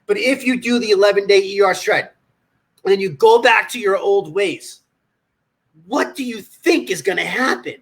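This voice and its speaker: A man speaks on a livestream as a nutrition coach, with a husky, slightly rough voice. His talk is blunt and profane, and he scolds his listeners directly. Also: high-pitched, moderate pace, fairly bright tone.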